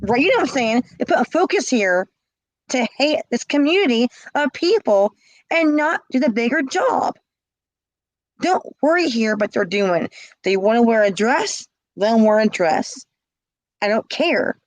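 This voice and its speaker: Slow-talking impassioned woman, dry sound. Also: fairly high pitch, animated, dry recording, poor audio. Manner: impassioned, repeats herself, acts out quoted calls. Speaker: interviewee. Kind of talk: emotional personal account.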